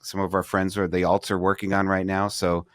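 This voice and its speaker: A man's voice: low-pitched, level tone, a little fast, fairly bright tone, no room sound, clean studio sound. A middle-aged man co-hosting a business podcast, talking casually and often restarting his sentences as he thinks aloud. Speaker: podcast co-host, banking advisor.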